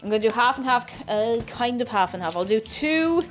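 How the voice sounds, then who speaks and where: A woman's voice: fairly high pitch, animated, normal speed, soft background music. A young Irish woman chatting casually while she bakes on a live stream, rambling and talking to herself as she measures things out. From Ireland.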